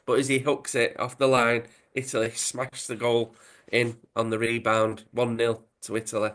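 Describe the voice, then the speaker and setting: A man casually retelling a football comic story as a podcast host, in a chatty, animated way. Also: mid-range voice, normal speed.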